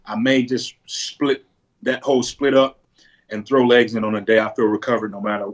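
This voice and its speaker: A man answering interview questions over a video call, relaxed and halting, with frequent restarts. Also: medium pitch, highs cut off. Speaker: pro bodybuilder guest on a video call.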